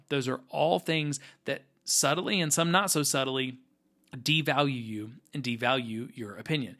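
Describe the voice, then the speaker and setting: Bright-voiced man explaining earnestly. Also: medium pitch, moderate pace. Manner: earnest, explanatory, with frequent fillers. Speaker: host. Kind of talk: teaching talk to camera.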